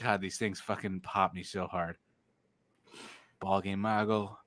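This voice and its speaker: Excitable, swearing man in casual chat. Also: low voice, a little slow. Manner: loud, excitable, laughing, swears often. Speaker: podcast co-host.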